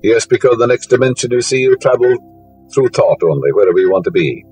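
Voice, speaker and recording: A man's voice: medium pitch, expressive, fast, darkish tone, soft background music, poor audio. A man giving a spiritual lecture, full of fillers, whose voice rises sharply on key words. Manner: rambling, fillers, rising emphasis on key words.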